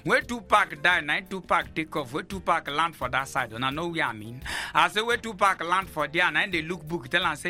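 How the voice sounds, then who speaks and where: A man telling stand-up comedy stories in Nigerian Pidgin, animated and acting out the characters. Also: sits high, brisk, few pauses, soft background music.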